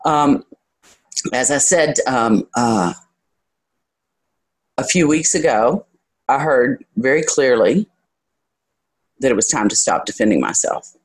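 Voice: mid-range voice, animated. Hesitant, searching spiritual teacher. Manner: hesitant and searching, pausing to gather thoughts; candid and self-reflective, with light self-deprecating humor. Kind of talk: reflective spiritual talk to a group.

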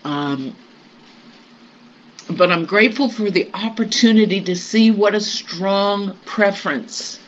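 A group member sharing personal news in a meditation group, halting and reflective, with many pauses and fillers. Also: medium pitch. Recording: muffled recording with faint hiss.

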